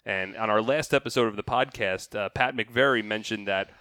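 A man's voice: fairly low pitch, moderate pace, sharp tone, no room sound, clean studio sound. A man hosting a podcast, friendly and leading with questions. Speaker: podcast host. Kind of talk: casual interview.

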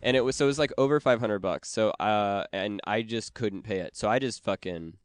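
Casual podcast co-host, male, low and clean-toned, profane rambling anecdotes, dry studio. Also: brisk, clean tone, no room sound. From Wisconsin. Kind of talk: casual chat, storytelling.

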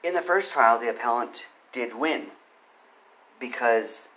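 A man giving spoken commentary on a legal case, earnest, reading quotes quickly and pressing his points with emphasis. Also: mid-range voice, expressive, bright, forceful tone, low-quality recording. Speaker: commentator on court cases.

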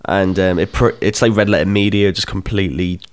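Low-ish guy stammering thru a casual podcast chat, self-mocking. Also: fairly even intonation, brisk, smooth. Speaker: podcast co-host.

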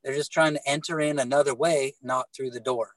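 A middle-aged man telling his faith story in casual talk, animated and halting, often repeating words and restarting. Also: medium pitch, no room sound, poor audio. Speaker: guest telling his testimony.

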